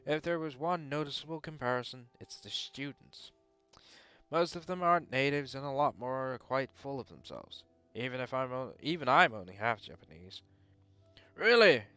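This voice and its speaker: A man's voice: medium pitch, moderate pace, sharp tone, clear, resonant tone, faint music behind. A young man reading a visual novel aloud and rambling off into casual, mildly sweary asides. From England. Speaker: game streamer.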